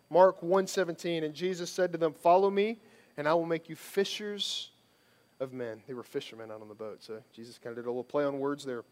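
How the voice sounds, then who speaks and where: A man giving a sermon as a pastor, conversational and emphatic, repeating phrases for stress. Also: high voice.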